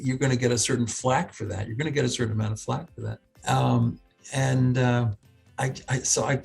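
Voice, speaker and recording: A man, a medical school professor, tells an animated story in a relaxed talk, acting out other people's voices and often restarting his sentences. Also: medium pitch, creaky, slightly rough. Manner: lively storyteller who acts out quoted voices, with frequent restarts.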